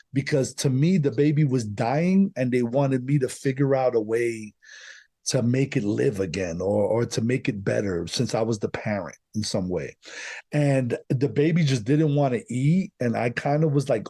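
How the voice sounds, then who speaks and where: Mellow-voiced New man telling a story. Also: medium pitch, dry recording. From Bronx, New York. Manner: rambling, lots of "like" fillers. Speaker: podcast guest. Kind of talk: personal storytelling.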